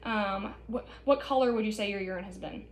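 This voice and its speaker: A woman's voice: medium pitch, brisk, slight background noise. A young woman teaching a hands-on nursing assessment, explaining in a casual way with many fillers. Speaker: nursing instructor. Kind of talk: demonstration lesson.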